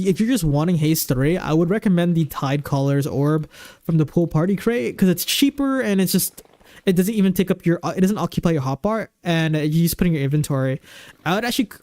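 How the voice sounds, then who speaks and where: A man's voice: a little high, dark tone, no echo. A man streaming a game live, chatting casually and rambling while he answers viewers' questions at a desk microphone.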